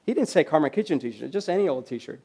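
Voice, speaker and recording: A man from the USA giving a storytelling keynote at a university event, animated and laughing often as he acts out the people in his stories. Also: fairly high pitch, quick pace, creaky, breathy edge. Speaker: keynote speaker. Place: university event hall with audience.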